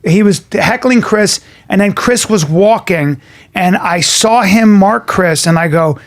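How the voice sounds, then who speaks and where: A man with a fairly high voice tells a story on a podcast, heated and profane. He loops back on his own words as he builds the telling. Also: normal speed, no room sound. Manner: heated, profane, repeats phrases while telling a fight story. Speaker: podcast co-host. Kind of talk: casual storytelling chat. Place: podcast studio.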